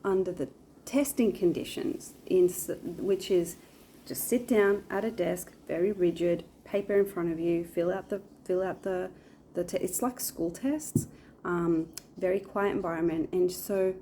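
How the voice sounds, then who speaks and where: A woman's voice: fairly low pitch, unhurried, mellow, slight background noise. A woman in her forties chatting casually to camera in a rambling way, with lots of fillers. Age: 40s. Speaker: vlogger. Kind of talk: casual chat.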